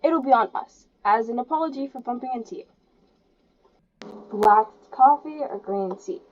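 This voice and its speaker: A woman's voice: a little high, animated, moderate pace, slight background noise, lightly acted. A woman voicing a shy, nervous young male café worker who speaks politely and apologetically. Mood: helpful. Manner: polite, apologetic, eager to help. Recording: dull lo-fi sound.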